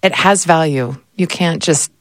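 A woman's voice: deep voice, a little slow, dry recording. Candid woman, close dry sound. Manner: candid, laughs often. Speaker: podcast guest. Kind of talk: casual conversation.

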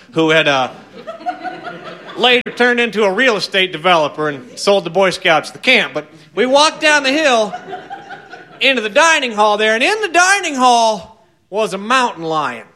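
High, bright-voiced folksy male storyteller. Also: very animated, normal speed. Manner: folksy, wry, chuckling asides. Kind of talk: tall tale storytelling.

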